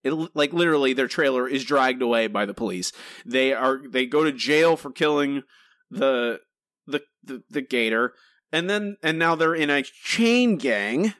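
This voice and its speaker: Restarting frequently and sounding exasperated, a male podcast co-host rambles through a casual review chat. He speaks a little slowly in a mid-range, slightly bright voice with lively intonation, captured cleanly in a studio with no echo.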